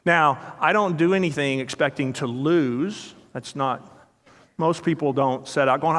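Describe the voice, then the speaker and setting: A man's voice: a little high, measured pace, a bit bright. Man telling stories in a reverberant hall. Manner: storytelling, acting out quoted dialogue; questions the audience directly. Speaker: speaker. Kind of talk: motivational talk to a live audience. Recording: long reverb of a large hall.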